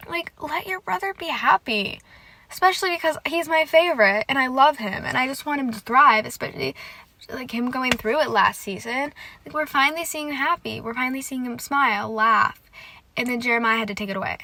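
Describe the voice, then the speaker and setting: A young woman hosting a casual solo podcast, gushing excitedly with lots of "like" and swearing. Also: sits high, brisk, vocal fry, no room sound. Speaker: podcast host. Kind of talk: casual solo podcast chat about a TV show.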